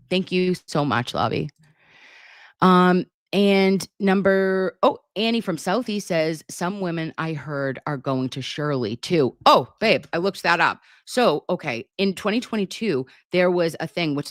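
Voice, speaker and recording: A woman's voice: fairly low pitch, no echo, clean studio sound. A woman, hosting a casual livestream and reading viewer comments in a chatty, emotional way. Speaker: livestream host reading chat.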